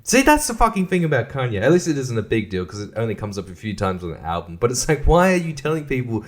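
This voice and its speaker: A man talking alone into a podcast mic at an everyday middle pitch, ranting with plenty of swearing. He rambles, laughs at his own lines, and trips over his words as he restarts sentences. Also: very animated, fast talker, few pauses. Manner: profane, rambling, laughs often, stammers and restarts. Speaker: podcast host. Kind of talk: solo rant podcast.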